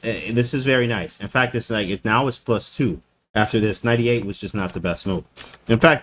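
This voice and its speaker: A man commenting on chess games live, joking and slangy, who often breaks into laughter. His voice sits in an ordinary middle pitch, and his delivery is lively and animated throughout. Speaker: chess streamer.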